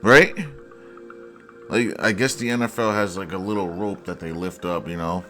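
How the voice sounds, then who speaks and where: Man, very deep voice, casual football film breakdown, sarcastic and blunt, faint background music. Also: moderate pace, fairly bright tone.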